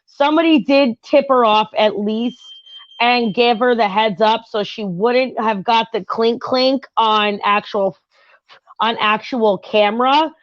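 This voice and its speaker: A woman's voice: on the high side, unhurried, no echo, lo-fi sound. A woman hosting her own channel, giving a casual tarot reading while chatting about a reality show, rambling with fillers and asides to viewers. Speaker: tarot reader and channel host.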